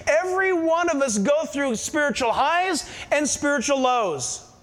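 A man's voice: very high-pitched, very animated, a little slow, fairly bright tone. A middle-aged man, preaching a sermon and asking the congregation questions. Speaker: pastor.

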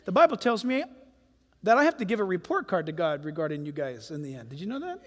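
A man preaching a sermon as pastor in a church, animated and firing rhetorical questions at his congregation. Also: sits high, quick pace. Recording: long hall reverb.

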